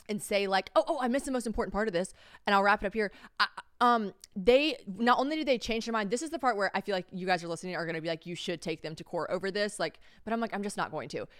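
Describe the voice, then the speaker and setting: Woman, young adult, podcast host, casual rambling chat, smooth clear voice, dry sound. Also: mid-range voice, fairly bright tone, no room sound. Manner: rambling storytelling, acts out quoted voices.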